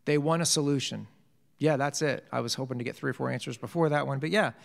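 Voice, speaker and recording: A mid-range, creaky male voice talks fast through a casual Bible study in a big-sounding church hall. The teacher jokes with the group and quizzes them in a chatty way.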